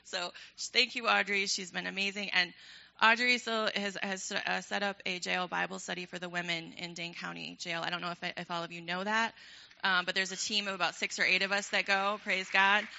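A woman's voice: lowish voice, steady tone, fairly quick, creaky, sharp tone, muffled recording. A young woman leading a ministry program, addressing a church in a casual, enthusiastic, chatty way with frequent laughter.

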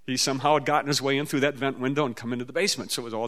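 A man from the Midwestern US, preaching a storytelling sermon in a folksy, animated way with sudden jumps up in pitch. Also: racing. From Midwestern US, near the Mississippi River.

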